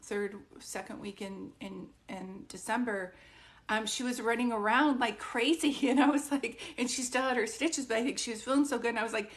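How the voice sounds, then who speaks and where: A woman's voice: fairly high pitch, fairly even intonation, a little fast. A woman psychic medium chatting casually and at length with viewers during a live stream. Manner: chatty and rambling, talking straight to viewers.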